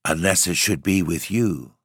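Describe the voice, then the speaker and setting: A man's voice: low-pitched, normal speed, slightly rough, no echo. A languid, dreamy young noblewoman, weak and mysterious, put on by a man reading a storybook aloud. She murmurs drowsily and half-whispers. The reading sounds close and dry. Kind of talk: audiobook reading.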